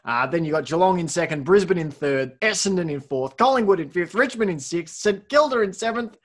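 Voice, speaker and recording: A man's voice: sits high, animated, a little fast. A man hosting a casual sports podcast, reading out scores with wry asides. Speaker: podcast host.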